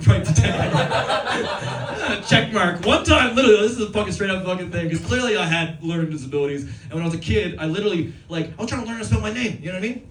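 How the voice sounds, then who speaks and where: A man in his thirties from Newfoundland doing a fast, rambling, profane stand-up comedy set, often laughing at his own jokes. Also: sits high. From Newfoundland, Canada. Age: 30s. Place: comedy club stage. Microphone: stage microphone. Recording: roomy live club sound from a distance with loud crowd. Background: audience laughter.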